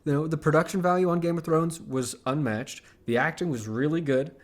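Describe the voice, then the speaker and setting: A man co-hosting a podcast in casual chat, wry and halting, with frequent restarts. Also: a little high. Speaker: podcast co-host.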